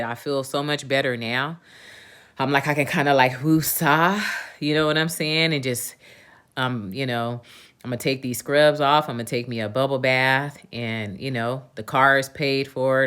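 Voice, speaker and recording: A woman's voice: rumbling low, a bit bright. Candid, swearing woman venting to viewers. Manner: candid, profane and emphatic; talks straight to viewers, often asks "you know what I'm saying". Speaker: livestream host. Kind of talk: casual venting chat.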